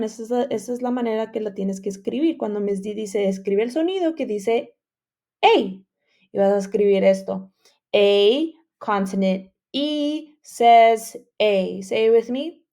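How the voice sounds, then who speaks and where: A woman's voice: fairly high pitch, mellow. A woman teaching a bilingual phonics lesson, drawing out letter sounds and repeating rules in English and Spanish. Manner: switches between English and Spanish.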